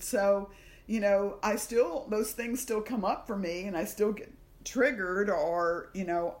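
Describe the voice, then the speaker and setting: Woman, from the American South, slightly low voice, podcast co-host, casual storytelling, acts out inner voices.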